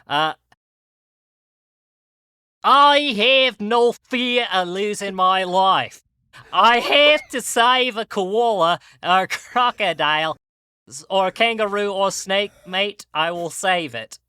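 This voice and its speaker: A man's voice: high voice, slow, clear, resonant tone, no echo, studio quality, full character voice. A man doing a comic impression of a brash wildlife showman, in a hammy mock Australian accent mixed with Brooklyn. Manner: exaggerated, drawling, loud, self-mocking.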